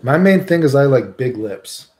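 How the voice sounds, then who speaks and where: Rambling Southern American man, mellow voice. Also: medium pitch, expressive, moderate pace, echoey room. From United States. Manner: rambling, swears freely, keeps tagging lines with "right?". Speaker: livestreamer. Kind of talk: casual chat with live viewers.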